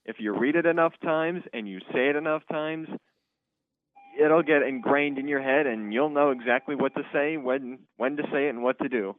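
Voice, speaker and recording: A teenage boy, a high school student actor, answering interview questions with some hesitation and filler words. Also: moderate pace. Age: teens. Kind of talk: phone interview. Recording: tinny phone line.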